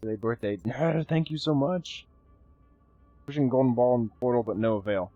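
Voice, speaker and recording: A man streaming live gameplay, chatty and excitable, thanking viewers and swearing casually as he plays. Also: mid-range voice, normal speed, dry recording, highs cut off, soft background music.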